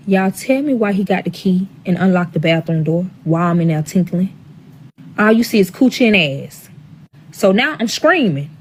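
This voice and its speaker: A woman's voice: lowish voice, slightly rough. A woman telling a personal story to her viewers in a casual storytime vlog, profane and dramatic, addressing them directly.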